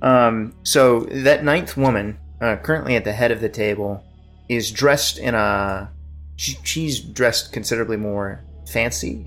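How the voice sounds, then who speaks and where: Brief: male game master, descriptive, hesitant narration, soft music bed. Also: on the low side. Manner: descriptive, with many fillers.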